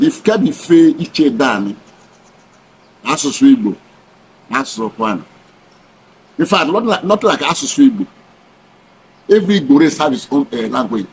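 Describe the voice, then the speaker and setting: A man's voice: fairly high pitch, expressive, normal speed, pauses often, slight background noise, rough recording. A man with a Nigerian accent, talking straight to camera, mixing Pidgin and English and preaching with rhetorical questions. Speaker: vlogger. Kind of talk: direct-to-camera opinion talk.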